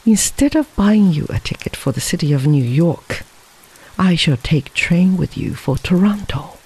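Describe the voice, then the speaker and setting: A reader voicing a strong, hearty gentleman who speaks firmly and reassuringly. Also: fairly high pitch, animated, unhurried, slightly rough.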